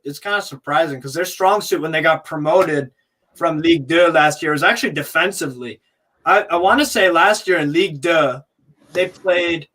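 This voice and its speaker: A man hosting a football fan stream, chatting casually and calling plays as they happen. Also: on the high side. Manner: relaxed, calls plays mid-chat. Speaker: stream host. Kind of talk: casual chat with match commentary.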